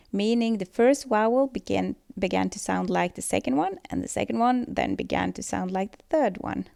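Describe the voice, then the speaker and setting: A woman with a creaky, slightly mellow mid-range voice records a scripted student presentation on pronunciation in clean studio quality with no room sound. She explains steadily, using the occasional filler, as a school presentation voice-over.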